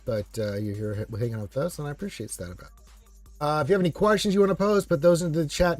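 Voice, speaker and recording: A man's voice: medium pitch, no echo. A man hosting a casual live stream, greeting viewers and reading chat aloud in a rambling, playful way. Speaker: livestream host.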